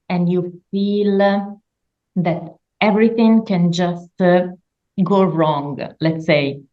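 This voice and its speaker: A woman from Northern Italy, a native Italian speaker, answering interview questions in English with an Italian accent, halting as she searches for words. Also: lowish voice. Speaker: guest therapist trainer. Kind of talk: podcast interview. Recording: dull lo-fi audio.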